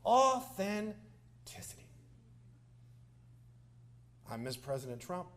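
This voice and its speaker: A Texan-accented man delivering a campaign speech at a live forum, with a slightly high voice for a man. He is passionate and folksy, and his anecdotes often turn into jokes. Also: expressive, brisk. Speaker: politician speaking at a candidate forum. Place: civic center hall, live event.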